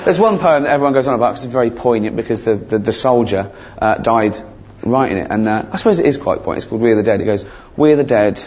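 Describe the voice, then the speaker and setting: A man doing a stand-up comedy routine, rambling and sweary, with deadpan asides that break into shrill outbursts. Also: fast talker, noisy background. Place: theatre stage before a laughing crowd. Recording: dull live recording with loud audience.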